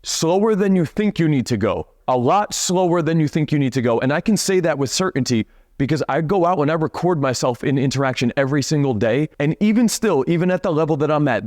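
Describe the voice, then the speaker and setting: A man's voice: fairly high pitch, a little mellow, dry recording, clean studio sound. Blunt, profane young male dating coach. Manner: blunt and profane, drawn-out slow emphasis. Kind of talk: direct-to-camera coaching talk.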